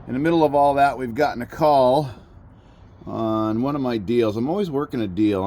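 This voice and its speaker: With rain starting over his backyard garage area, a dad hosting a mechanic channel tinkers with a car and keeps up a chatty, self-mocking patter full of jokes. He speaks at a medium pitch, slightly mellow in tone.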